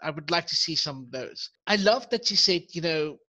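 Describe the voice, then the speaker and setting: A man's voice: on the high side, lively intonation, normal speed, sharp tone, highs cut off. A man hosting an interview show, talking in an enthusiastic and reflective way. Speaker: host of the talk show. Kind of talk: casual interview talk.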